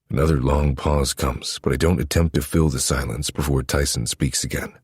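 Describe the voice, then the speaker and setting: Super deep husky guy reading a romance story, close dry mic. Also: steady tone, normal speed, hardly any pauses, dry recording. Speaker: audiobook narrator. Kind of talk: first-person romance narration.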